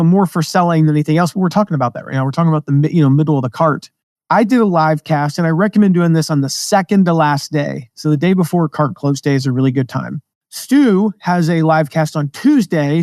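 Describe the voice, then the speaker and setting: An American man with a mostly neutral accent talks through his advice in a casual, lively way. His voice sits a little high for a man. The sound is dry and close, with almost no room behind it. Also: no echo. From American Midwest and South. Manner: energetic, conversational, jumps into quoted voices. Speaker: podcast host, affiliate marketing teacher. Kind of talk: casual teaching monologue.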